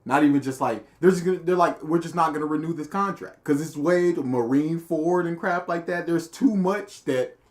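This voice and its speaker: A man co-hosting a live reaction stream, teasing his partner in casual chat and bursting into loud shouts. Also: fairly high pitch, a little fast. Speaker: co-host.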